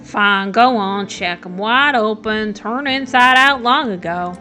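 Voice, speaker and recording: A woman voicing a shady man who digs graves for teeth, speaking slyly and cryptically in a slow drawl. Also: medium pitch, sharp tone, soft background music.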